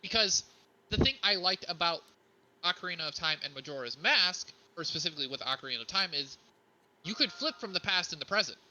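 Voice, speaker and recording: A man co-hosting a podcast, chatting casually about video games, excitable and swearing freely. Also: a little high, fairly quick, low-quality recording. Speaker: podcast co-host. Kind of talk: casual gaming chat.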